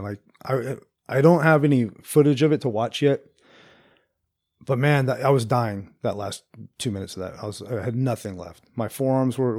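A man's voice: mid-range voice, a little mellow. Rambling laid-back man telling stories. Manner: rambling storyteller, says "dude" and "like" a lot. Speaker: podcast guest, jiu-jitsu competitor. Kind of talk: casual chat.

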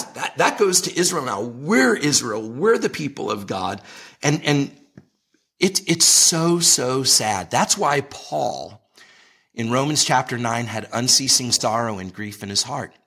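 A man's voice: medium pitch, gravelly, fairly bright tone, breathy edge. A man being interviewed as a ministry leader, speaking in an earnest, emphatic way and leaning on scripture as he builds his point. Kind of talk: impassioned conversational preaching.

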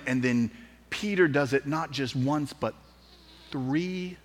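A man's voice: medium pitch, slow pace. A man preaching a sermon, telling the story vividly and acting out the quotes in an auditorium. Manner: lively storytelling, acts out quotes. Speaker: pastor. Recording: long reverb in an auditorium.

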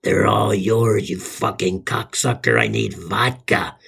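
Raspy demon-voiced mom dragging out curses, low and slow, man doing the voice. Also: steady tone, a bit bright, heavily acted. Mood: growling. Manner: slow, growling, cursing. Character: raging exhausted mom, raspy possessed demon voice.

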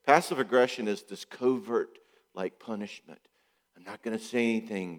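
A man, a counselor, giving a talk to an audience, animated and acting out bits of dialogue. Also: fairly low pitch, moderate pace, big-room sound. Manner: animated, acts out quoted dialogue.

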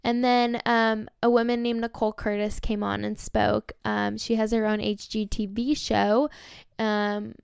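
A woman's voice: fairly high pitch, little pitch movement, a little slow, gravelly, smooth, dry recording. Young woman podcaster, emotional gushing storyteller, dry close sound. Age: young adult. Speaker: podcast host. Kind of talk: casual storytelling monologue.

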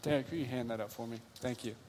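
A man's voice: medium pitch, fairly even intonation, fast talker, darkish tone. A man preaching a sermon in an earnest, conversational way, repeating key phrases, in a large room with bleachers. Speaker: pastor. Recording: long hall reverb.

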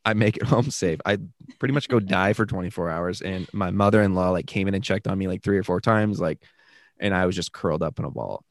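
Animated young man telling a story. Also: deep voice, a little fast, no echo, clean studio sound. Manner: animated, rambling with many fillers. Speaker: podcast guest, new father. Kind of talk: casual storytelling chat.

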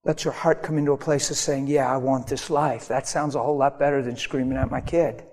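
A man preaching a sermon to his congregation, animated and acting out little scenes in different voices. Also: medium pitch, fast talker. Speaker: pastor. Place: church hall. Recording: long hall reverb.

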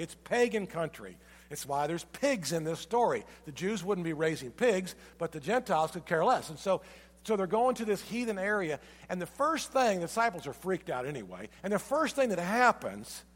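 High-voiced man preaching in a reverberant hall. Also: fairly bright tone. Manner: storytelling, emphatic repetition. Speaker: pastor. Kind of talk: sermon.

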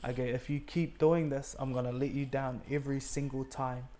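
This mellow, mid-range male voice keeps a level tone and a moderate pace. He is a guest from New Zealand sharing a faith testimony, earnestly recounting a personal story in conversation. Along the way he uses lots of fillers and performs the quoted words of himself and other people.

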